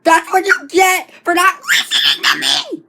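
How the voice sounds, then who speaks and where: A woman voicing an angry, bratty male plush yellow bird in a homemade toy video, shouting insults and acting petulant. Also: sits high, expressive, a little slow, full character voice.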